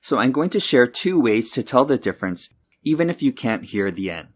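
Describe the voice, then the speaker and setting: A man teaching pronunciation in a scripted lesson. He speaks clearly and deliberately at a middle pitch and slows down to model each word. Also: sing-song. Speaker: English teacher.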